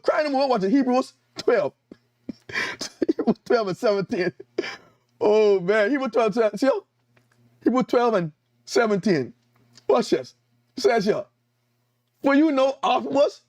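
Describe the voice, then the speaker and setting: A man's voice: sits high, expressive, moderate pace, pauses often, a little mellow, no echo. A man with a Caribbean accent preaching a sermon as an evangelist, emphatic and repetitive, calling out to his congregation. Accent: Caribbean English.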